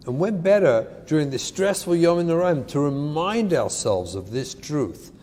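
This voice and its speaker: A male rabbi giving a lecture on parenting, animated and emphatic, repeating his key points. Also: on the high side, measured pace, in a large hall, a little hiss or hum.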